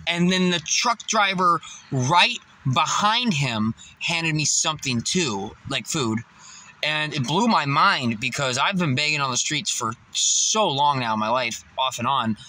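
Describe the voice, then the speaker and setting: Man, young adult, casual storytelling, very bright tone, slightly high voice, heavy swearing, emphatic. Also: unhurried. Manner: swears constantly, animated, gets loud and emphatic when recounting confrontations. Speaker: vlogger telling a personal story.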